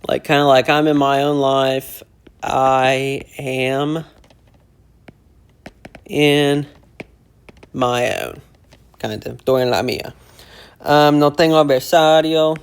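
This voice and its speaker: A man teaching casually, breaking phrases down slowly and repeating them word by word as he explains their meaning. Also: medium pitch, big pitch swings, vocal fry, clear, resonant tone. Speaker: language teacher explaining song lyrics. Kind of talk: casual lyric breakdown lesson.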